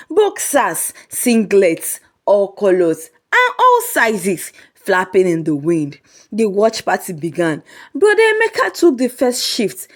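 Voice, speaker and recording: A woman narrating a comic folk story in a lively, humorous way. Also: medium pitch.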